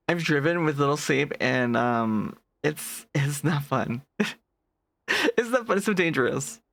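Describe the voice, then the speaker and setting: A streamer with a deeper natural voice, chatting casually with live viewers late at night, animated, laughing often and answering chat messages as they come in. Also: moderate pace, creaky. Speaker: VTuber streamer.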